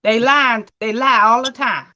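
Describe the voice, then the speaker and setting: A woman hosts a casual livestream with a bright, forceful tone and a slightly high voice. She talks in lively, colloquial bursts. The audio is dull and lo-fi. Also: measured pace. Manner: animated, laughing, colloquial. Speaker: host. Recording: muffled lo-fi stream audio.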